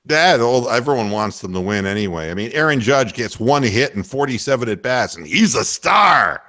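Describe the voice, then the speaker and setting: A male sports radio host talks in a lively voice that swings up and down in pitch, sharp and bright in tone. He makes his points with emphatic, sarcastic certainty. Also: normal speed. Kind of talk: casual sports talk chat.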